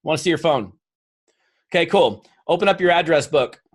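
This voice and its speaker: Energetic and coaxing, a motivational speaker pushes his seminar audience to take action. His voice is a bit high with lively intonation, and he drops into quick acted-out quotes as he tells stories.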